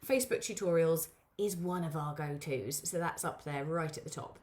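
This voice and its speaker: A woman hosting a live craft lesson, chatting warmly with viewers and greeting them by name, with plenty of ums. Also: low-pitched, normal speed. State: out of breath. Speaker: craft tutorial host.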